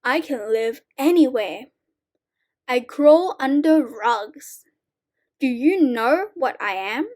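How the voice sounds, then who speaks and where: High-voiced lady reading little kids' rhymes super slow and clear. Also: expressive. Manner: slow, clear, deliberate reading to young learners. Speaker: reading teacher. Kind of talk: slow read-aloud of children's sight word poems.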